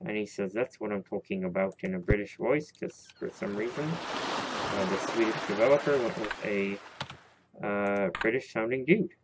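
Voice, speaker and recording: A man's voice: fairly low pitch, moderate pace. A man hosting a let's play, giving casual gameplay commentary in a rambling, jokey, self-mocking way. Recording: loud background noise.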